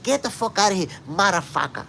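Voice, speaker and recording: A man's voice: high-pitched, animated, quick pace, gravelly, bright, forceful tone, slight background noise, voice pushed up, heavily acted. A man doing a profane, dismissive impression of an angry male boxing champion. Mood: contemptuous.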